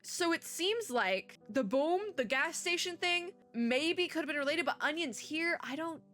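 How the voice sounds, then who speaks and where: A woman's voice: sits high, expressive, unhurried, a bit bright, soft background music. A woman hosting a let's-play of a story game, reading the text aloud and rambling through asides, her voice a bit worn from illness. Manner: chatty, rambling asides with frequent laughs. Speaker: VTuber let's-play host.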